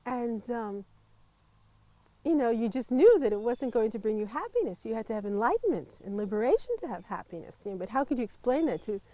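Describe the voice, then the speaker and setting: A woman, a Buddhist nun telling her life story in an interview, lively and laughing often. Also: on the high side, brisk, no echo, rough recording. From United States. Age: 50s. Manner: animated storytelling, laughs often, mimics voices in quotes. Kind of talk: personal storytelling.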